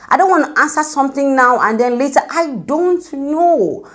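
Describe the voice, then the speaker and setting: A woman's voice: sits high, lively intonation, moderate pace. Chatty young woman giving a faith talk. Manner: conversational, repeats "do you get me?"; acts out quotes, drops to a whisper for prayers. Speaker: Christian speaker. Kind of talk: informal devotional talk.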